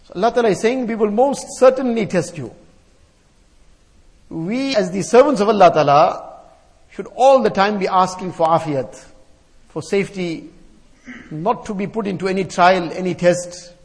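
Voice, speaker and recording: Male preacher, high voice, measured rhythmic lists, long reverb of a large hall. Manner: chants Arabic verses, then explains them; repeats phrases in rhythmic lists. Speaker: Islamic scholar giving a talk. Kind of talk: sermon.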